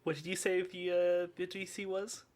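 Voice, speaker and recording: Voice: medium pitch, flat delivery, moderate pace, background noise. A player in a tabletop game, talking in a playful, joking way.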